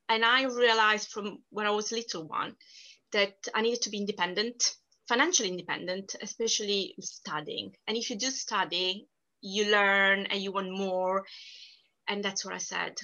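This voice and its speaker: A woman's voice: medium pitch, fairly even intonation, unhurried, pushed and bright. A middle-aged woman from Sicily with a strong Italian accent, talking animatedly as an interview guest. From Sicily, Italy. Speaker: guest, company founder. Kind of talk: casual interview. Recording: dull lo-fi sound.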